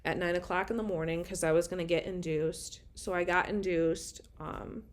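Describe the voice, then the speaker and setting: A woman's voice: fairly low pitch, fairly even intonation, moderate pace. A young woman telling a personal story in a casual, candid monologue. She is emotional and swears often.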